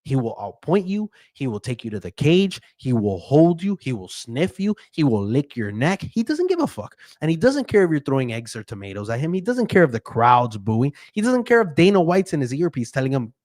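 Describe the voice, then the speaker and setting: A man's voice: medium pitch, big pitch swings, a little fast, few pauses, a little mellow, dry recording, clean studio sound. A man who handicaps bets, giving a casual, profane fight breakdown and keeps checking in with "right?". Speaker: MMA betting handicapper.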